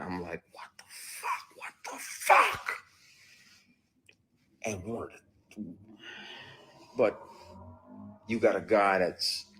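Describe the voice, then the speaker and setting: A man's voice: low voice, breathy edge. A man in an interview, telling his story in an emphatic, profane way. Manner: emphatic, profane, recounting with acted outbursts.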